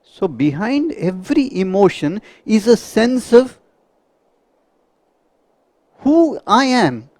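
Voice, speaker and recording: A middle-aged man, a homeopath giving a spiritual lecture to a live group, earnest and measured, often putting rhetorical questions to his listeners. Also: high-pitched, big pitch swings, darkish tone, no echo.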